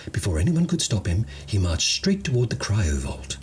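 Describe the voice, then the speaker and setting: A man's voice: fairly low pitch, huge pitch swings, moderate pace, darkish tone, slight background noise. Wry man narrating. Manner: wry, storytelling delivery. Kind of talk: scripted narration of a comedic sci-fi story.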